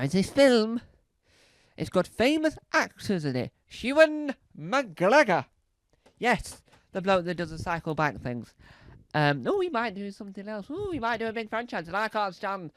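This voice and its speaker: A man's voice: sits high, sing-song, unhurried, clean tone, no room sound. A man doing rambling, playful stand-up comedy, repeating words for laughs.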